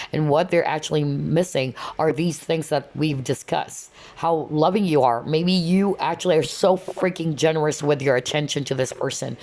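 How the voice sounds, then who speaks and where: A woman's voice: sits low, moderate pace, hardly any pauses, darkish tone. A woman giving a casual, chatty tarot reading, often checking in with "okay?" and "you know". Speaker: tarot reader.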